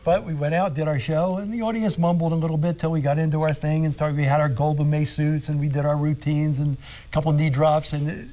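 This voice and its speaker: An older man, a singer and guest, telling animated stories with lots of laughter. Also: on the high side, brisk, low-quality recording. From Philadelphia, USA. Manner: animated anecdotes, acts out quoted voices, laughs often. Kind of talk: casual storytelling.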